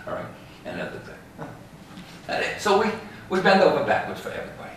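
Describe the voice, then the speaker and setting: Telling stories on a guided tour of a large outdoor ballpark, this man ends his lines with "all right?" and "okay?". His voice sits low with big pitch swings, fairly quick and fairly bright, and the distant mic makes it very echoey with faint background noise.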